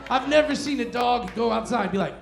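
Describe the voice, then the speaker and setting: A man works a comedy club crowd with casual, crude banter. His voice sits high and has a gravelly edge. The room is echoey, with faint crowd noise behind him. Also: fast. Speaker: stand-up comedian. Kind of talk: stand-up comedy set.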